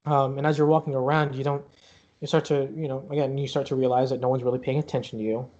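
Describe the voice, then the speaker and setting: A man's voice: mid-range voice, level tone, fast talker, a little mellow. Rambling man running a tabletop game. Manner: rambling, many fillers and restarts. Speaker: game master. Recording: dull lo-fi recording.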